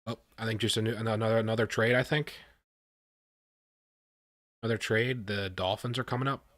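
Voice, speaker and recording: Excitable man reacting live, low voice. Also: moderate pace, no echo, studio quality. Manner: excitable, talks to chat, repeats himself. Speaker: livestream host reacting to a draft.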